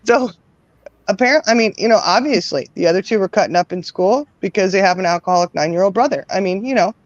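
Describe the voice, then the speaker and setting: A woman chatting as a guest in a relaxed interview, rambling along and filling her sentences with "you know". She breaks into laughter often. The sound is dry and a bit muffled, like lo-fi audio. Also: mid-range voice, fast, no echo. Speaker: guest parent of twelve children. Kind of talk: casual conversational interview.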